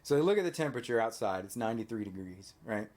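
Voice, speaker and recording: In casual chat, a man with a fairly low voice talks fast as he recounts a movie plot, quizzing a child with questions and tag questions. He's an animated storyteller who keeps prompting with questions, recorded on a camera mic.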